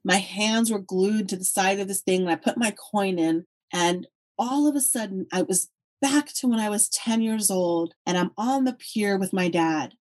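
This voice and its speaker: A middle-aged woman, a podcast guest, telling her own life story in an animated, vivid way. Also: mid-range voice, moderate pace. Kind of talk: personal storytelling.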